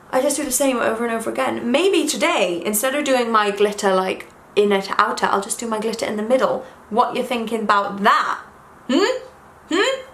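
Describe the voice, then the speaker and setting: A woman's voice: on the high side, a bit bright. A young woman chatting casually to camera while doing her makeup, rambling and self-deprecating. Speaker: beauty vlogger. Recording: echoey room.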